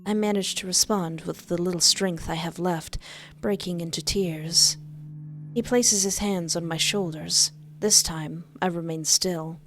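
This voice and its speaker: A woman reading a visual novel aloud in first person, expressive, with exasperated asides. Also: lowish voice, a little slow. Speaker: game player narrating.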